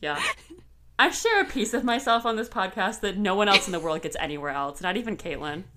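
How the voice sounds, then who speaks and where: A woman's voice: medium pitch, animated, fairly quick, noisy background. A young woman co-hosting a podcast, rambling casually through self-deprecating stories. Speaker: podcast co-host. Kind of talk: casual chat.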